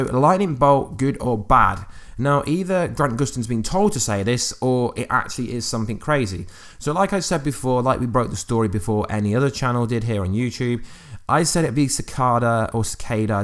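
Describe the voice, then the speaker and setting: A man hosting a fan channel, reading quotes aloud and musing over them in casual commentary with fillers and restarts. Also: medium pitch. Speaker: YouTube fan channel host.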